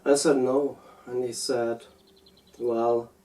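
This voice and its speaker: Male, German accent, unscripted musing, halting delivery, dark tone, slightly distant from the mic. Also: mid-range voice, fairly even intonation. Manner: hesitant, halting with repeated words. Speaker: video essayist. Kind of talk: unscripted personal reflection.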